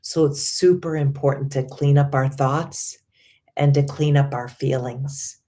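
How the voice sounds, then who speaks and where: Woman, middle-aged, life coach, guided affirmations, dark mellow voice, slow soothing delivery. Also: rumbling low, fairly even intonation. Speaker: life coach and yoga teacher.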